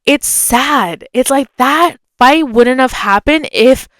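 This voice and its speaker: A woman hosting her own podcast tells a story in a loose, chatty way, full of "like" fillers. Her voice sits a little high and comes across smooth and clear, recorded close and dry. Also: slow, no room sound. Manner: acts out quoted voices with pitch jumps. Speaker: podcast host. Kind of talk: casual storytelling.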